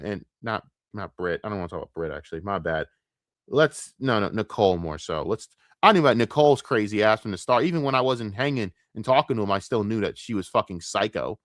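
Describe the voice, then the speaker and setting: A man's voice: on the low side, fairly bright tone, no room sound, clean studio sound. Profane, exasperated male streamer ranting. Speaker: commentary streamer.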